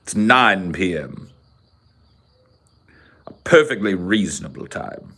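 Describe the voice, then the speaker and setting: A man's voice: low voice, animated, slow pace, bright, forceful tone. A man hosting a podcast, chatting casually and reading comments aloud in a sarcastic, crude way. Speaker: podcast host.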